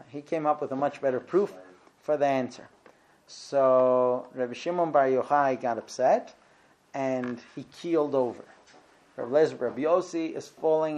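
A man teaching a class, retelling a Talmud story in a halting way, with many ums and self-corrections, and growing lively when he quotes the figures. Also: mid-range voice.

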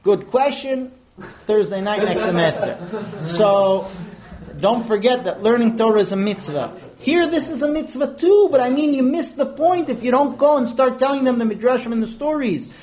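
Animated high-voiced man teaching a class. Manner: animated storyteller, mixes Hebrew terms, quick asides. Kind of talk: informal Torah class.

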